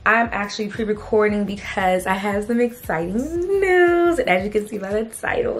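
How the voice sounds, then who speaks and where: A young woman vlogger chatting casually to camera, excitable and full of slangy asides. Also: mid-range voice, normal speed, hardly any pauses, soft background music.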